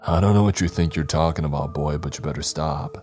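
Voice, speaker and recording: A man voicing a stern father and former police officer, speaking in a gruff, commanding way. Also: very deep voice, moderate pace, darkish tone, faint music behind. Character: stern older father, a former cop, angry.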